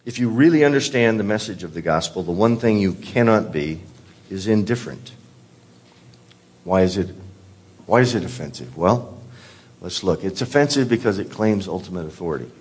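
Male pastor, sermon delivery, earnest and emphatic, a breathy low voice. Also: lively intonation, normal speed, pauses often, a little mellow. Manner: earnest preaching with repeated words and restarts.

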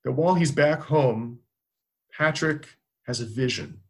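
A man's voice: mid-range voice, a little slow. A man, a pastor, preaching a sermon with emphatic, repetitive exhortations.

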